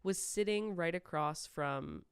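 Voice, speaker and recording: A woman's voice: fairly low pitch, measured pace, clear, resonant tone, dry recording, clean studio sound. A woman in her thirties hosting a comedy podcast, chatting casually, joking and laughing often as she tells stories. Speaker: podcast host.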